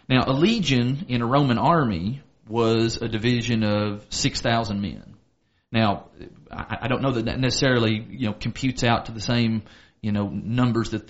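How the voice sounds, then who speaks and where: A man's voice: lowish voice, muffled recording. A man co-hosting a casual Bible study talk, reading scripture aloud and explaining it earnestly. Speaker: podcast co-host, Bible teacher.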